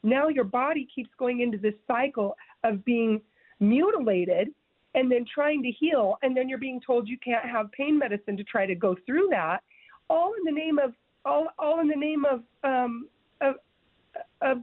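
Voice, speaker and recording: In an interview, a woman shares her personal testimony earnestly and emphatically, often stumbling and restarting as she drives her point home. Her voice sits high at a normal speed. The sound is thin and phone-like, dry and close, with no room sound.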